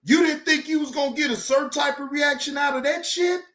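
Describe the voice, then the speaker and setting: Loud high-voiced man reacting to clips. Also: a little fast, soft background music. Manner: loud, exclaiming, slangy. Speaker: reaction video host. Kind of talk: casual commentary over clips.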